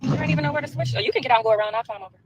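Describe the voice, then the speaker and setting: A woman chatting on a livestream from a car, calm and a little preachy as she lectures viewers. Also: fairly high pitch, rapid-fire. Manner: calm, preachy, laughs easily. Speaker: livestream co-host. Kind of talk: casual livestream chat. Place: inside a car. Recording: noisy phone stream.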